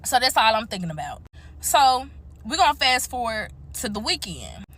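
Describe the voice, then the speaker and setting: A woman's voice: a little high, big pitch swings, moderate pace, a bit bright. A young woman casually telling a personal story to her viewers, blunt and full of swearing, calling them y'all. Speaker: storytime vlogger.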